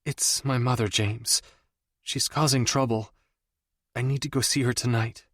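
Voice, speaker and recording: A woman's voice: extremely low pitch, steady tone, a little slow, no echo, clean studio sound. A man voicing an upset young woman who speaks in a small, strained voice, in an audiobook. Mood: weary.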